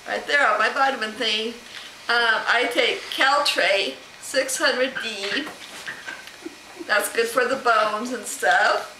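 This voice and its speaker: Chatty middle-aged woman, slow and unhurried, bright tone, roomy echo. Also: a little high, slight background noise. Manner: chatty, rambling, laughs often. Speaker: vlogger answering a question tag. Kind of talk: casual chat to camera. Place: home room.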